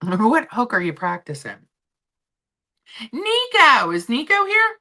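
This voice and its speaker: A woman's voice: fairly high pitch, huge pitch swings, takes it slowly, bright, forceful tone. A woman hosting a casual chat livestream, rambling and swearing freely as she talks to her viewers. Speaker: livestream host.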